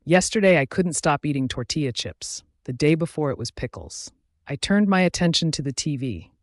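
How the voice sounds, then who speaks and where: A man narrating a fantasy romance audiobook in the first person, in an even storytelling delivery. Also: on the high side, normal speed, dry recording, studio quality.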